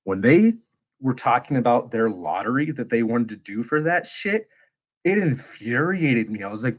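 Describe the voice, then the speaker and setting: A man's voice: medium pitch, moderate pace, rough recording. Candid, profane male space streamer. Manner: candid and profane, swings into animated rants. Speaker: space YouTuber and livestream host. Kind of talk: casual livestream chat.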